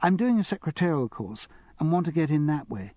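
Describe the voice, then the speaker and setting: A man's voice: on the high side, big pitch swings, brisk, dry recording, voice pushed up. A man voicing a giggly, easily impressed upper-class teenage girl with an English public-school accent in an audiobook. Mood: girlish eager. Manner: girlish, bright, enthusiastic. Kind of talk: audiobook character voice.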